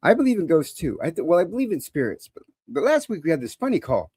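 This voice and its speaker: Man, call-in show host, lively swooping pitch, fairly high voice, dry close sound. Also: quick pace, breathy edge, no echo. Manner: animated, opinionated, joking. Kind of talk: casual live call-in talk.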